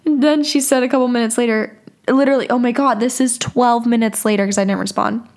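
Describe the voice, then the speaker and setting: Candid, laughing young woman podcaster, high voice. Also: fairly even intonation, fast talker, a little mellow. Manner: candid, laughing, swears freely. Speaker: podcast host. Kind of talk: casual podcast storytelling.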